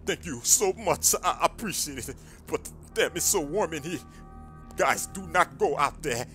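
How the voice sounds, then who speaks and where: A man's voice: fairly high pitch, lively intonation, unhurried, over music. A man voicing a nervous cop who pleads and rambles about dangers outside. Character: jittery blindfolded cop seeking shelter.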